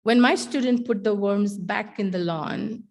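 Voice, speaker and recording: A middle-aged woman, a teacher, giving a keynote talk in an animated storytelling manner. Her voice sits at an ordinary middle pitch. She delivers her points with wry humor and well-placed dramatic pauses.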